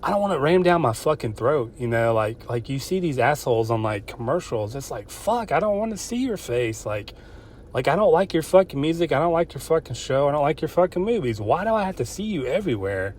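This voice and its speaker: A man's voice: a little high, sing-song, brisk, darkish tone, a little hiss or hum. A man who calls himself an old man, hosting a podcast and ranting in a profane, rambling way, often restarting his sentences. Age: older. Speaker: podcast host. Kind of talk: casual solo podcast rant.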